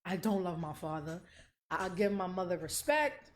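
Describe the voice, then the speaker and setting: A woman's voice: fairly low pitch, animated, normal speed. A young adult woman hosting a podcast, talking candidly and emotionally, blunt and profane. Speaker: podcast host. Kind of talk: candid casual chat.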